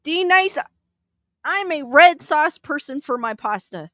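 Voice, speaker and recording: A woman's voice: high voice, lively intonation, a little slow, sharp tone, no room sound, clean studio sound. A woman hosting a livestream, answering viewer chat questions casually, chatty and thinking aloud with fillers and laughs. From Southern California. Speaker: livestream host reading chat.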